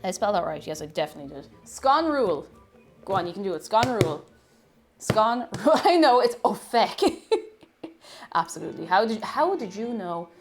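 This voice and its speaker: A woman's voice: medium pitch, very animated, normal speed, music in the background. A woman with an Irish accent casually chatting with her livestream viewers while baking, playfully greeting them by name. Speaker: livestream host.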